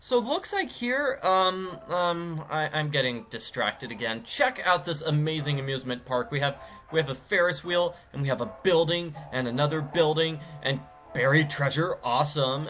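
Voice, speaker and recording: A man talks through a mystery adventure game in loose, rambling commentary. He keeps stopping and restarting his sentences. His voice is bright, forward and a little high. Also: animated, moderate pace, soft background music. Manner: rambling, self-interrupting. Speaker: let's play commentator. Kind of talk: casual gameplay commentary.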